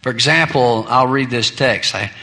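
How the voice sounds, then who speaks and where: Folksy storytelling pastor, bright voice. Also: male voice, mid-range voice. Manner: folksy, self-deprecating, laughs at his own stories. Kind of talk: humorous sermon storytelling.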